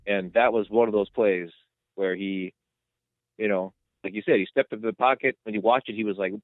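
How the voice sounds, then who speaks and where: A man co-hosting a casual sports podcast, rambling through each play and getting worked up as he tells it. His voice sits on the low side. The sound is thin and phone-like, with no room around it. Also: a little fast, no echo. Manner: excitable, rambling storyteller. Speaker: podcast co-host. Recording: tinny phone-like line, dry.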